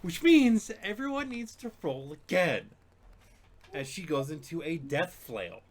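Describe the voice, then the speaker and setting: A man's voice: a little high, big pitch swings, measured pace, slight background noise. A man running a tabletop game session as dungeon master, casual and laughing, swearing freely.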